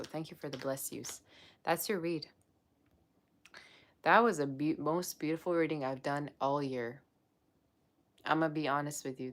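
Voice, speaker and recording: A woman with a notably low voice hosts a live-streamed tarot reading. She talks in a chatty, effusive way and gushes over the cards as she reads them. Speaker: tarot reader.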